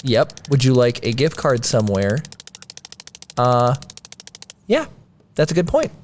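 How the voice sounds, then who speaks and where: Playful lively-voiced male podcast host. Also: mid-range voice, a little slow, slight background noise. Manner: playful, jokey. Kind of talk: casual live-stream chat.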